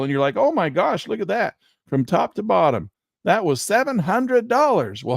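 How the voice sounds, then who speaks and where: A man's voice: mid-range voice, vocal fry, no echo, clean studio sound. A man teaching chart trading on a screen share, talking emphatically with rhetorical asides. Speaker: trading instructor.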